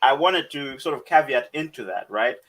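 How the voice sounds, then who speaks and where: A man's voice: mid-range voice, expressive, moderate pace, a bit bright, rough recording. A man hosting a casual panel discussion, talking reflectively and hedging with "you know". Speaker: panel host.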